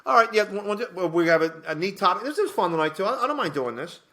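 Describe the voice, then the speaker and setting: Bright rambling man telling stories. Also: high-pitched, animated, quick pace. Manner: rambling storyteller, many fillers and restarts. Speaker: podcast co-host, comedian. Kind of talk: casual chat. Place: home studio.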